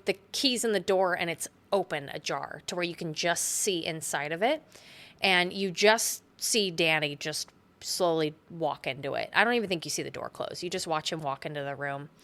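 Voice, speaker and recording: Low-voiced chatty woman podcaster. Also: a bit bright. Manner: chatty, full of "like" fillers, acts out quotes. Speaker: podcast co-host. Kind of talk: casual film recap.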